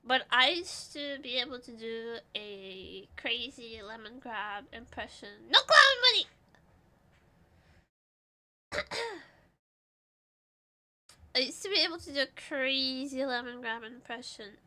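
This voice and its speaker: A young woman streaming casually, congested and clearing her throat, playful and giggly with dramatic outbursts. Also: a little high, moderate pace, few pauses, bright, forceful tone.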